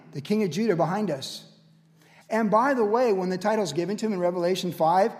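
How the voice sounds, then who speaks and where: A man with a high, bright voice preaches with emphatic energy, building his lines through repeated phrases. His voice carries a long reverb, as if it were spoken in a large hall. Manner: animated, emphatic preaching with repetition. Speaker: pastor. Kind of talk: sermon.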